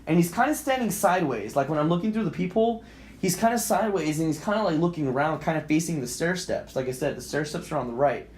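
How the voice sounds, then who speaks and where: A young man co-hosting a podcast, telling a story in an animated, profane way and acting out the scenes. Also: on the high side, fast. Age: young adult. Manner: profane, acts out scenes with quoted voices and filler sounds. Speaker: podcast co-host. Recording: roomy echo.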